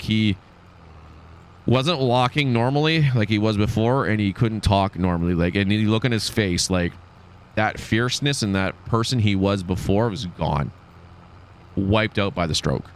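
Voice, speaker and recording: A man, telling a long rambling story in casual chat while hosting a game stream, full of fillers and restarts. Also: low-pitched. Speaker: livestream host.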